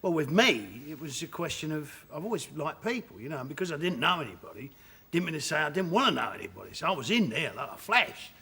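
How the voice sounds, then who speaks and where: A man with a Cockney accent, a talk show guest telling animated stories and laughing often in a television studio. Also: on the high side, fast, gravelly, background noise. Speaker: guest actor.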